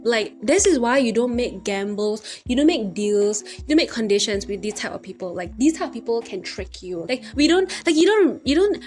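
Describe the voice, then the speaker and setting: A woman's voice: a little high, normal speed, hardly any pauses, soft background music. Rambling young woman recapping films. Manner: rambling, filler-heavy, animated. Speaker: vlogger. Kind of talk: casual movie recap from memory.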